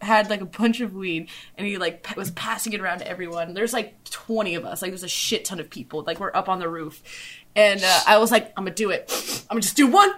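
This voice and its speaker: A woman's voice: mid-range voice, brisk, a bit bright. A young woman in her twenties telling a rambling, profane party story on a podcast, full of "like" and giggles. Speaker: podcast co-host. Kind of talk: casual storytelling chat.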